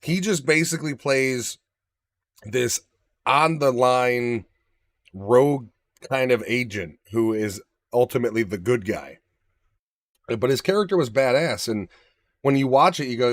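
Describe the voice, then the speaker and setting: A man co-hosting a casual podcast chat, animated and profane, getting loud for emphasis. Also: mid-range voice, measured pace, long pauses, no echo, clean studio sound. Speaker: podcast co-host.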